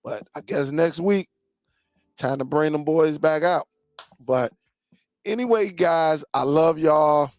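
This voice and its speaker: A man's voice: on the high side, slow, pauses often, darkish tone, dry recording. A man in his forties hosting a casual live chat with viewers, laid-back and full of stories, dropping "man" often. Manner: laid-back, storytelling, chatty with frequent "man". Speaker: live stream host.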